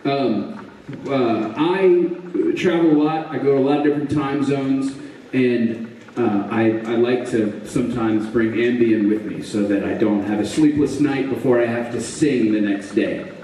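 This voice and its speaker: A man's voice: medium pitch, mellow, slight background noise. Hesitant man telling a story, echoey hall. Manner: halting, with many restarts and hedging asides. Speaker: panel guest, singer. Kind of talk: casual storytelling to a live audience. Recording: roomy echo from far off the mic.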